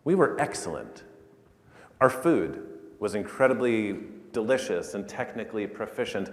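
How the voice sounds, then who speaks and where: Man, keynote speaker, animated storyteller, lowish voice, roomy echoey hall sound. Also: moderate pace. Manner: animated storyteller, building to loud peaks. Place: large conference hall.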